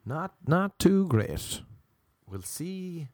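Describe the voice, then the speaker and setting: A man's voice: fairly high pitch, big pitch swings, extremely slow, darkish tone, no echo. An Irish man and actor telling a rambling, self-deprecating story in a casual monologue. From Ireland.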